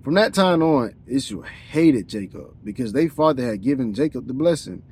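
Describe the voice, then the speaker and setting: A man's voice: mid-range voice, expressive, normal speed, a little mellow, husky. A man hosting a podcast, reading scripture aloud in a plain voice, tripping over words now and then and breaking off with casual slangy comments.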